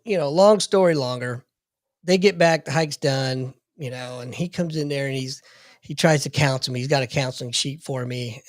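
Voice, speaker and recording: A man's voice: on the high side, no room sound, clean studio sound. A man in his forties telling a profane story in a casual podcast chat.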